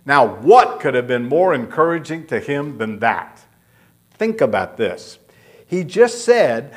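A man's voice: fairly high pitch, sing-song, slow pace. A man preaching a sermon, emphatic, stretching out and repeating key phrases. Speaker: pastor.

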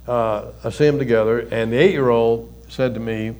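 An older man, a pastor and counselor, giving a conversational sermon with folksy stories and soft chuckles. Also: medium pitch, fairly even intonation, normal speed, clear, resonant tone.

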